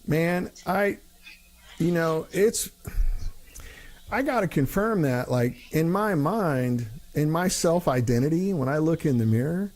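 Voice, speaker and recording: A man's voice: fairly high pitch, unhurried. A middle-aged man hosting a casual chat, telling stories with frequent laughs and acted-out quotes. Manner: animated, laughs often, acts out quoted voices. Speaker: host.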